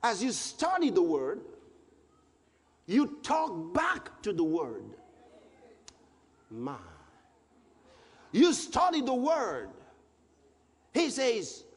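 Man preaching in a big hall, really high voice, slow, shouts out lines, long echo. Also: huge pitch swings, breathy edge. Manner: emphatic, repetitive, bursts into shouts. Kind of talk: sermon. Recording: long hall reverb, faint background noise.

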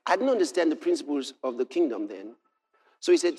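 A man preaching a sermon, telling a personal story with animated delivery that moves between hushed passages and shouted exclamations. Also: a little high, fairly quick, husky.

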